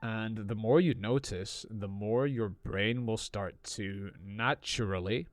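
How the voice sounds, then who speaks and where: A man teaching English in an unscripted podcast, explaining slowly and clearly as he improvises. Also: on the low side, no room sound.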